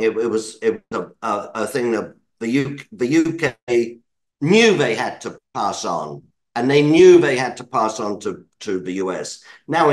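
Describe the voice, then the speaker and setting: A man's voice: medium pitch, low-quality recording. British man, interview guest, digressive, self-correcting, apologetic asides. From Britain. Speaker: interview guest, market commentator. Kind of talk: conversational interview answer.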